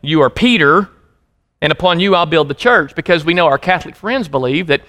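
Animated preaching man, fairly high voice. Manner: animated preaching, acting out quotes with sudden emphasis. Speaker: pastor. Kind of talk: sermon.

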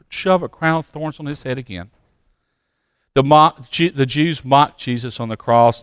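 Man, pastor, sermon, smooth resonant voice, dry close sound, loud then hushed delivery. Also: medium pitch, dry recording. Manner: dynamic preaching, swinging from loud urgency to hushed pleading. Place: church sanctuary.

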